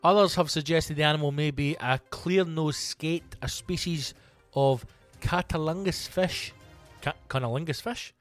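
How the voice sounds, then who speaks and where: A man's voice: fairly high pitch, a little slow, faint music behind. A man hosting a comedy podcast, reading odd news stories aloud with sweary, sarcastic asides. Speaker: podcast host. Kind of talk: comic podcast monologue.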